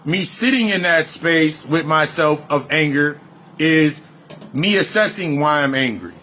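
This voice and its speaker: A man's voice: on the high side, expressive, measured pace, bright, forceful tone, a little hiss or hum. A man giving a casual, profane spiritual talk in loose run-on sentences, repeating phrases for emphasis. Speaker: spiritual reader and life coach. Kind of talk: freewheeling spiritual monologue.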